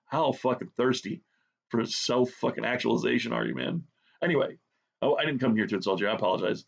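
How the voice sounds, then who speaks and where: A man's voice: mid-range voice, big pitch swings, fast talker, creaky, dull audio. Profane ranting man in his forties. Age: 40s. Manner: sarcastic, heavy swearing, rambling. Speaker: drawing video host.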